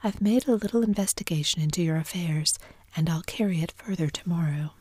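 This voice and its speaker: A woman's voice: on the low side, a little fast, darkish tone, husky. A woman whispering the part of a brash, domineering wealthy husband in a whispered role-play reading.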